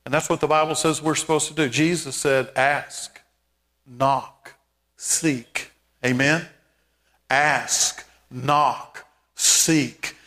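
A man preaching a sermon as pastor, emphatic, with repeated calls and rising shouts. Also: a little high, steady tone, takes it slowly, big-room sound.

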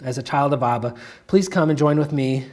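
A pastor of medium pitch preaches by reading a moving story aloud. His delivery stays measured, easing down and dropping to a hush on the key phrases.

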